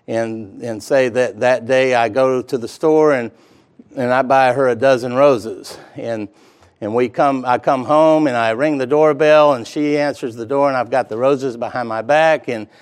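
A man in his fifties preaching a sermon, earnest, slowing down to stress key words. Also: mid-range voice. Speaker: pastor.

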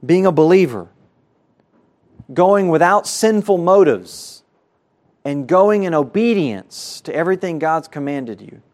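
A man preaching a sermon in a fairly high voice. He reads scripture with fervor, his voice climbing and swelling on the bold prayers and sinking to a hush on his key points. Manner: emphatic, rising on bold prayer quotes and dropping low for key points.

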